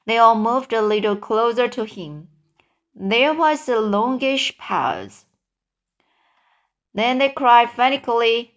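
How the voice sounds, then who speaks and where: Slow halting woman reading aloud. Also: fairly high pitch, lively intonation. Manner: halting, with slips and self-corrections. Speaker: reader. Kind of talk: reading a children's book aloud.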